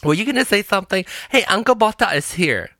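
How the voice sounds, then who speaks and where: A woman's voice: medium pitch, expressive, fast talker, bright, forceful tone, dry recording, studio quality. A woman co-hosting a casual chat show, rambling and laughing often. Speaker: co-host.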